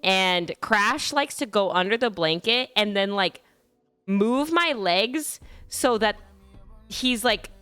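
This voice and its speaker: A woman's voice: medium pitch, expressive, slow pace, sharp tone, clear, resonant tone, no room sound, faint music behind. A young woman streamer casually telling a rambling, self-deprecating story about her dogs, with frequent fillers and casual swearing.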